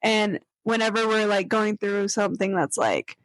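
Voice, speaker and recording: A woman's voice: mid-range voice, moderate pace, no echo, poor audio. A young woman hosting a casual chat, talking with lots of fillers and acting out quoted voices. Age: young adult. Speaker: podcast host.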